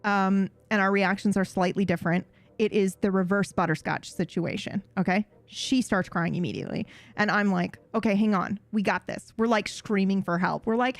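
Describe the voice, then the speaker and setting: A young woman telling a story in a casual, animated way, swearing and acting out voices. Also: no room sound. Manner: animated, swearing, acts out voices with high yelps. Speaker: streamer.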